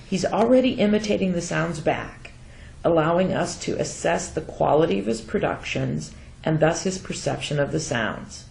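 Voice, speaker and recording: Low, gravelly-voiced woman narrator. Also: darkish tone. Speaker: presenter. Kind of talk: lecture narration over video clips. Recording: echoey room.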